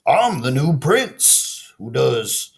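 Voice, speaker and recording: Man doing an earnest, polite storybook frog, slow and husky. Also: mid-range voice, very animated, voice pushed up, exaggerated voice. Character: earnest little male frog who thinks he is a prince.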